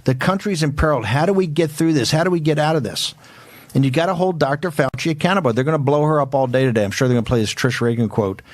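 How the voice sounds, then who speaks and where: A man hosting a political talk show, speaking in a combative, rapid-fire, emphatic way. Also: fairly high pitch, no room sound. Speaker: host.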